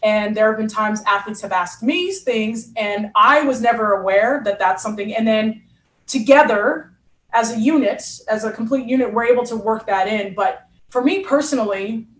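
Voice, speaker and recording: A woman, a former hurdler and coach, telling a story in an animated conversational way and acting out what people said. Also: fairly high pitch, reverberant. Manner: animated, acts out quotes.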